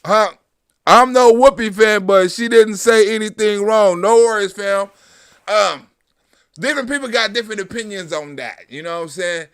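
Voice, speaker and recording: Male livestream host, bright forceful voice, casual chat-driven commentary. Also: sits high, moderate pace, smooth. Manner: loose and profane, talks to the chat.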